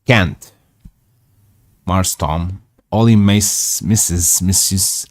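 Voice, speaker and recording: A man voicing a reluctant young boy carrying water, reading the dialect haltingly. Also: low voice, full character voice. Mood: pleading.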